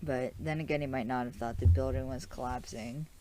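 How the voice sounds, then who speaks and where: A woman's voice: very deep voice, steady tone, fairly quick, mellow, slight background noise. A young woman hosting a podcast, giving a chatty, rambling episode recap full of "like"s. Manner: chatty, rambling, with frequent "like" and restarts. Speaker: podcast host.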